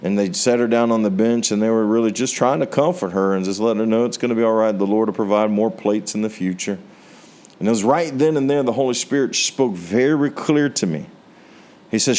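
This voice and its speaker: A man's voice: fairly low pitch, brisk, darkish tone. Earnest American preacher telling his story. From United States. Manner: earnest storyteller, voice rising on rhetorical questions. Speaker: pastor. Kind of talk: sermon testimony.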